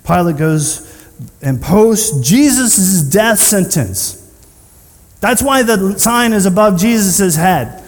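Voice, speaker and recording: A man preaching a sermon in a church, retelling scripture in an animated storytelling manner and acting out the quoted speakers. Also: high-pitched, slow pace, big-room sound. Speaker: pastor.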